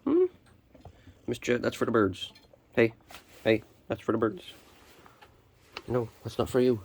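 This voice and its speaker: A man on a cold morning, chatting to his kittens during chores and swinging between high, sing-song baby talk and a low, plain voice. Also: lively intonation, unhurried, darkish tone, slightly rough. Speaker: vlogger caring for animals. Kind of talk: casual talk to pets while doing morning chores. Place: outdoors or animal shed on a cold morning.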